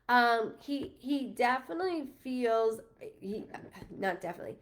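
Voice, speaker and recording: Her voice is fairly high and animated, and her pace is measured. A woman doing psychic medium readings on a live stream, she chats in a loose, rambling way, cutting herself off to restart and laughing often.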